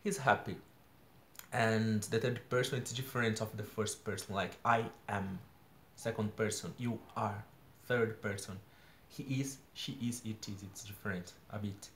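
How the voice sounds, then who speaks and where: In a daily video, a Brazilian man from São Paulo, a native Portuguese speaker, works earnestly on his English, walking slowly through grammar points with examples. His voice is lowish, and the reverberant recording has slight background noise.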